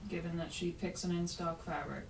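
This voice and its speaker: A woman reads viewer questions aloud in a low voice with almost no rise and fall. She sits far from the mic in an echoey room. Steady background noise is clearly heard. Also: brisk. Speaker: co-host reading viewer questions.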